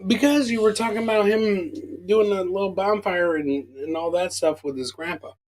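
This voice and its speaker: A woman's voice: mid-range voice, normal speed, darkish tone, rough recording. A woman co-hosting a casual podcast, cracking blunt, crude jokes and interrupting with slang. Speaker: podcast co-host. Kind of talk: casual joking podcast banter.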